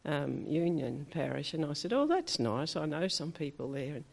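An older woman with a low, gravelly, slightly rough and somewhat mellow voice gives a spoken testimony at a church meeting, keeping fairly even intonation at a moderate pace. Chatty and meandering with small asides, she relates a recent experience and acts out the voices of those she met.

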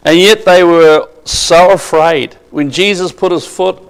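A man's voice: high-pitched, steady tone, unhurried, vocal fry, clear, resonant tone. A man preaching a sermon with emphasis, asking the congregation questions.

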